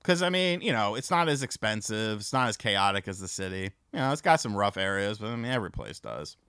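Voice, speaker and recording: On the low side but sing-song, this man's pushed, bright, clean voice moves a little fast, close-miked with no room sound. Hosting a casual livestream, he chats with viewers and spins rambling, profane, filler-filled stories.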